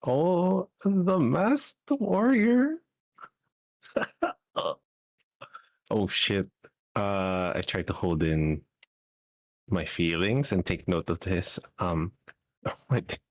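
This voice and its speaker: A man role-playing his character in a tabletop game. He stammers, laughs nervously and restarts his lines. His delivery is slow, and the sound is dry and close. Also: lowish voice, sing-song, no room sound. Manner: flustered, giggly, stammering. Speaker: player.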